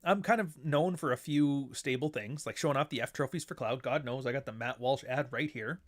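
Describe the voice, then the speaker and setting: A man's voice: medium pitch, fairly quick. A man hosting his own show in a casual monologue, blunt and profane, who now and then mocks others in put-on voices. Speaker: show host.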